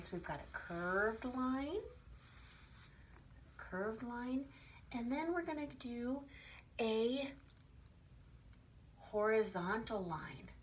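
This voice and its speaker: A woman teaching an art lesson to preschoolers, patient and soft-spoken, often half-whispering. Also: a little high, a little hiss or hum. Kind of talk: slow, gentle instruction for preschoolers. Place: her room at home, fan running.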